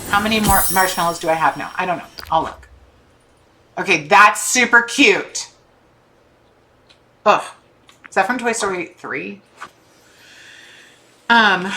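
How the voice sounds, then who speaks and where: In a low-quality recording with a slight hiss or hum, a young woman with a medium-pitched voice plays a game and tells an exasperated, animated story. She swears from time to time, and faint game music sits in the background.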